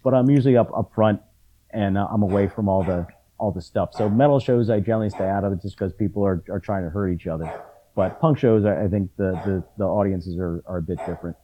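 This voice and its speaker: A middle-aged man chatting casually about concerts, often halting and restarting his sentences with ums. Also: fairly low pitch, highs cut off, slight background noise. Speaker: punk fan in conversation. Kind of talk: casual chat.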